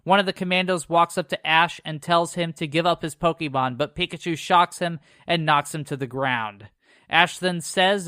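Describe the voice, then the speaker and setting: Dry, clear-voiced man recapping with sarcasm. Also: a little high, normal speed, bright, forceful tone, no echo. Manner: sarcastic asides between summary reading. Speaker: podcast co-host recapping episodes. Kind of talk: casual podcast recap, reading a summary.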